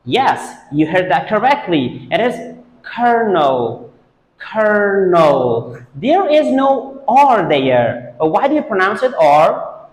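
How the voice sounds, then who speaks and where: Male pronunciation teacher, non-native speaker, unhurried delivery that repeats words for practice, echoey room with a long tail. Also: high voice, sing-song. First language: Persian. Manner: drills words slowly, repeating each several times. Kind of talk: pronunciation lesson.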